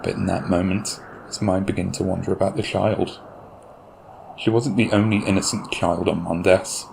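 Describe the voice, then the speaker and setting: A man narrating a fan audio drama in a measured, grave storytelling manner. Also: low voice, fairly even intonation, gravelly, a little mellow, a little hiss or hum.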